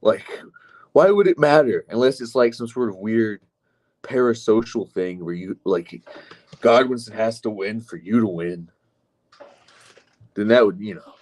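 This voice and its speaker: Male streamer, low-ish voice, sarcastic and profane, casual chat-reading delivery. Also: unhurried, pauses often, darkish tone. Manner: sardonic, mocking, profane asides.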